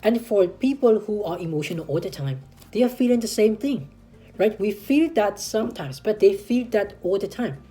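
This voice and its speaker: A woman's voice: medium pitch, lively intonation, normal speed, dark tone, husky, soft background music. A woman talking straight to the viewers in a casual advice vlog, earnest and repetitive, often checking in with "right?" and "guys" and restarting her sentences. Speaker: advice vlogger.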